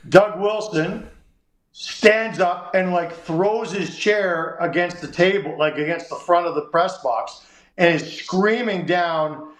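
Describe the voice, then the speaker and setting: With a voice on the high side, the Canadian host spins a long story on his sports radio program and animatedly voices the characters' lines. The recording is rough and reverberant.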